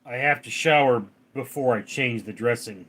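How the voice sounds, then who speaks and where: A man's voice: mid-range voice, normal speed, fairly bright tone. A man from Los Angeles hosting a casual late-night livestream, rambling as he reads out and answers viewer comments. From Los Angeles, California. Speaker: livestream host reading chat. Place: outdoors at night.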